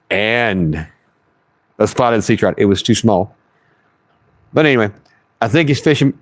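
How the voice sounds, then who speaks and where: A man's voice: lowish voice, animated, normal speed, long pauses, no echo. A man live-streaming while he fishes, chatting folksy and casual and reading his chat aloud. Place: outdoors on the water.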